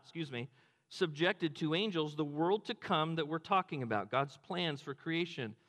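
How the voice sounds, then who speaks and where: Guy preaching, pretty high voice, big hall reverb, acts out the quotes all low. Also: animated, moderate pace, fairly bright tone. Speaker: pastor. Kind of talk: sermon.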